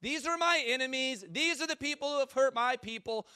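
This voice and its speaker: A man's voice: very high-pitched, brisk, bright, forceful tone, clean tone, voice pushed up, full character voice. A male pastor acting out a pouty, resentful prophet who complains in a whiny way.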